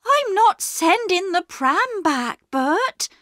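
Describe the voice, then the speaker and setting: A woman's voice: extremely high pitch, big pitch swings, takes it slowly, fairly bright tone, no room sound, studio quality, voice pushed up, full character voice. A woman voicing an earnest young girl who pleads eagerly, in a storybook reading. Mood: pleading.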